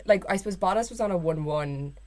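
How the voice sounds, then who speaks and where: A woman's voice: on the low side, fast, a little mellow. A young woman with an Irish accent co-hosting a podcast, talking casually with lots of fillers and quoted asides. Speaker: podcast co-host. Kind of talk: casual chat.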